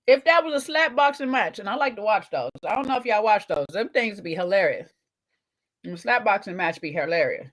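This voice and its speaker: A woman's voice: mid-range voice, expressive, fairly quick. A woman, co-hosting a casual chat show, talking to viewers while eating, with teasing asides. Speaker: podcast co-host.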